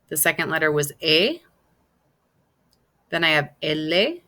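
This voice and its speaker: A woman's voice: low voice, measured pace, bright, forceful tone. A woman teacher giving a recorded online lesson, spelling words out letter by letter and repeating them patiently. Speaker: Spanish teacher.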